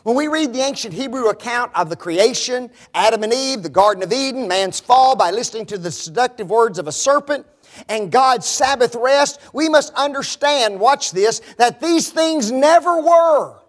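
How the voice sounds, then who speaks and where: A man's voice: very high voice, moderate pace. A man preaching a sermon, emphatic and sarcastic, putting rhetorical questions to his listeners. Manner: emphatic, rhetorical questions to the audience, mocking quoted phrases.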